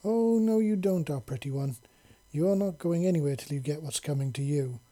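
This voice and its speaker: A man's voice: fairly high pitch, normal speed, mellow, close to an everyday voice. A man reading aloud, voicing a fierce, teasing female feathered creature who purrs and gives orders in a raised voice. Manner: playful, sultry, bossy.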